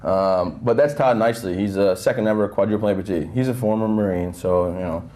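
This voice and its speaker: A young man tells his story to a room of listeners at a rapid clip, his voice sitting on the lower side. He keeps it loose and joking, full of "you know" and "um", with the microphone held close enough to catch his breathing. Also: dark tone. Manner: joking, conversational storytelling with many fillers. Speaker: guest speaker. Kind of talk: motivational talk to an audience. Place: breakfast event hall. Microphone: handheld mic held close, audible nose breathing.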